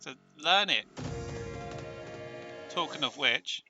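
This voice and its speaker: Bright excitable British male streamer. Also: on the high side, a little slow, faint music behind. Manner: excitable, emotional, stumbling restarts. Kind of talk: casual live-stream chat.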